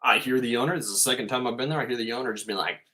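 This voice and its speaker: A man's voice: mid-range voice, racing, bright, forceful tone. Emphatic man talking about faith. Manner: emphatic, swears freely. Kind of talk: casual spiritual monologue.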